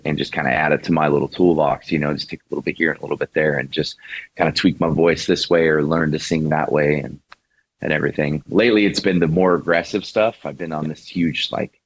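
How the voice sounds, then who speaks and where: A male singer-songwriter chatting as a guest, rambling with restarts and fillers. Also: very deep voice. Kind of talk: casual interview conversation.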